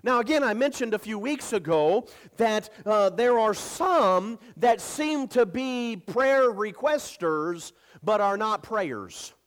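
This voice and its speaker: A man's voice: high voice, lively intonation, takes it slowly. A man in his thirties preaching a sermon, building to emphatic repeated lines and turning chatty with stumbles when telling family stories. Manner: repeats words when speaking casually. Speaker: pastor.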